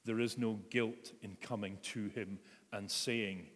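A man's voice: fairly low pitch, steady tone, slow pace, a bit bright. A man preaching a reflective sermon, retelling a story and inviting his listeners to picture it. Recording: echoey hall reverb.

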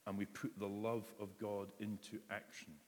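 A man's fairly low, darkish voice barely moves in pitch as he preaches a church sermon at a moderate pace. He keeps it conversational and acts out the story's voices in quotes, with long large-hall reverb.

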